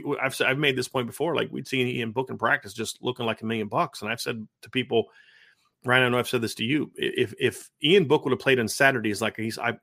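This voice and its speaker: A man's voice: medium pitch, sharp tone, dry recording. A man co-hosting a sports podcast speaks in an emphatic, conversational way, often restarting his phrases. His voice sits in a middle register and the recording is dry and close, with no room sound. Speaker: football podcast co-host. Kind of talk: casual sports analysis chat.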